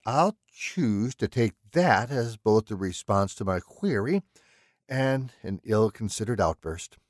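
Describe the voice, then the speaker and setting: A man voicing a calm, polite killer in an audiobook, speaking in a precise, mannered and coolly threatening way. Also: fairly low pitch, slow, dry recording, clean studio sound. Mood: menacing. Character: calm, menacing male killer, polite and unhinged.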